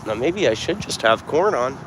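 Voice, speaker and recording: A man's voice: medium pitch, sing-song, normal speed. A man chatting to viewers on a live stream while fishing outdoors, thinking aloud as he goes. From Canada. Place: outdoors by the water. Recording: clear outdoor background noise.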